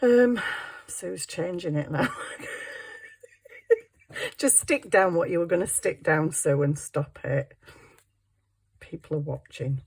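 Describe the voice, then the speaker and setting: Husky woman chatting while crafting. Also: fairly low pitch, slow, long pauses, a little mellow. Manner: rambling, self-mocking, laughs often. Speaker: papercraft vlogger. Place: home craft desk.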